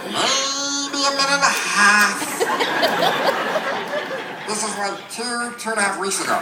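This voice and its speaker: A man's voice: high-pitched, measured pace, heavy background noise, voice pushed up. A man putting on a helium-raised voice for a fretful grown man in a stand-up bit, complaining in an exasperated way. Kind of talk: stand-up comedy. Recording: echoey club, distant mic, loud crowd.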